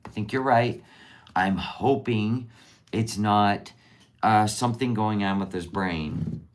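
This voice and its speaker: A middle-aged woman with a very low voice chats casually on a livestream. She speaks slowly and unhurriedly, often trailing off mid-thought. Her talk is tender, rambling and openly emotional. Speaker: livestream host.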